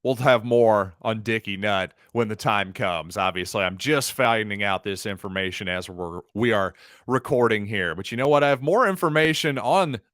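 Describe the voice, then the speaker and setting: A man's voice: lowish voice, normal speed, a bit bright, dry recording, studio quality. A man hosting a solo sports podcast, talking through the news in a conversational way with wry, sarcastic asides. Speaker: podcast host.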